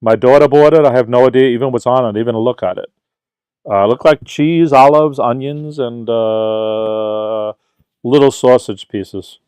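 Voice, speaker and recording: A man's voice: mid-range voice, steady tone, a little slow, darkish tone, clear, resonant tone, no room sound. Chatty New York man hosting a livestream. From Brooklyn, New York. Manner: reads viewer questions aloud and answers chattily. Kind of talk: casual livestream Q&A.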